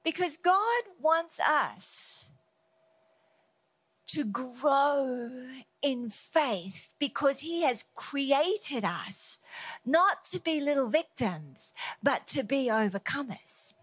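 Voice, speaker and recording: A woman's voice: high voice, sing-song, extremely slow, dry recording. A woman giving a devotional Bible teaching, earnest and emphatic, often repeating key words. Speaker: preacher.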